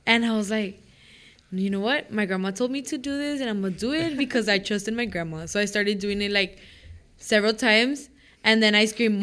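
A teenage girl telling a ghost story in casual chat. She is animated, says "like" a lot and acts out what people said. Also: on the high side, fairly quick, smooth. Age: teens. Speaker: student club member.

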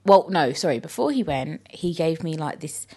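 A young woman telling stories casually on a podcast, animated and full of "like" and swearing. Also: normal speed, husky. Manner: chatty, animated, frequent "like" and swearing; acts out quoted people in high squeaky voices. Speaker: podcast host. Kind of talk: casual storytelling chat.

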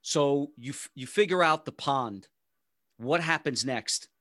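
A man's voice: mid-range voice, measured pace, fairly bright tone, no echo. Rambling male podcast host, dry close sound. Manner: rambling, restarts, sets up questions. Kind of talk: casual interview chat.

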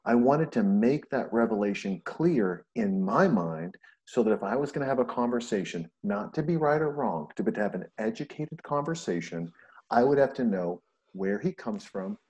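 A middle-aged man from Montana hosting a podcast, telling stories in casual chat and acting out the quotes. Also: on the low side. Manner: animated storyteller, acts out quotes. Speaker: podcast host.

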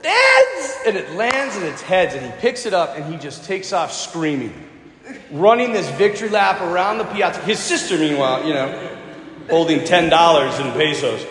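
A man's voice: on the high side, moderate pace, roomy sound, big-room sound. A man giving a storytelling sermon to an audience, acting out the quotes as he goes. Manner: animated, acts out quotes. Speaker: speaker.

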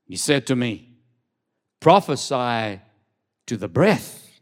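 A man's voice: mid-range voice, very animated. A man preaching a sermon in church, reading scripture aloud and urging the congregation to answer him. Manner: preaching with call-and-response, dramatic slow emphasis. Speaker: pastor.

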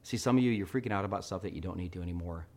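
A middle-aged man preaching a sermon, telling a story with animated swings between hushed and loud delivery. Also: deep voice, racing. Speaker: pastor.

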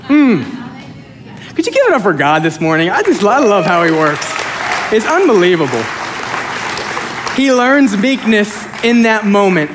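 Animated joking male pastor preaching. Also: high-pitched, normal speed, a crowd in the background, noisy background. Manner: animated and joking, swings between loud and soft. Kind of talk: sermon. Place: church sanctuary with congregation.

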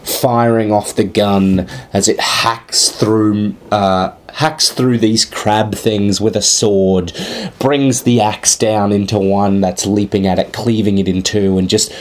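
Man, low-pitched and unhurried, improvising a tabletop game scene, halting and full of fillers. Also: steady tone. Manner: hesitant, thinking aloud with many fillers.

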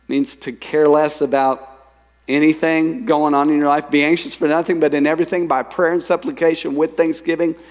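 A man preaching a sermon as pastor, lively, reading scripture and telling stories to his congregation. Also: on the high side, fairly quick. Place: church sanctuary. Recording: long hall reverb.

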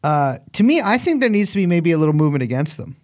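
A man's voice: on the high side, sing-song, fast talker. An American man co-hosting a podcast, riffing in loose, jokey banter and swearing freely. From United States. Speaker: podcast co-host.

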